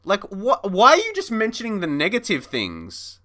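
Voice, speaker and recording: A man's voice: high-pitched, wildly swooping pitch, moderate pace, bright, forceful tone. A man commentating casually on a live stream of a football management game, chatty and mock-frustrated, laughing and talking to his chat.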